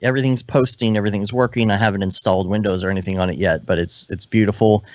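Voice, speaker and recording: A man co-hosting a casual live podcast, talking in a relaxed, rambling way that often stops and restarts. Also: fairly low pitch, quick pace. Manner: relaxed, rambling, self-interrupting. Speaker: podcast co-host. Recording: dry, dull lo-fi online call audio.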